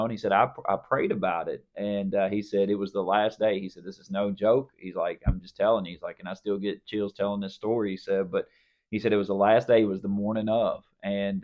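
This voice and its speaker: Low-voiced man telling a rambling story. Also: muffled recording. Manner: rambling storyteller, many fillers and restarts. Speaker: podcast co-host. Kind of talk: casual faith podcast chat.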